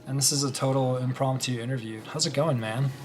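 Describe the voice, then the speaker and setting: A man's voice: mid-range voice, fairly quick. A man hosting a podcast, reading an intro and then chatting casually with his guest. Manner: friendly, relaxed, uses fillers like "like". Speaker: podcast host.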